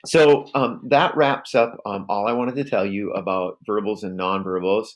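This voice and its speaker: A man with a fairly low voice teaches a class in a recorded video lecture. He explains step by step, often pausing with fillers and restarting his sentences. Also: steady tone.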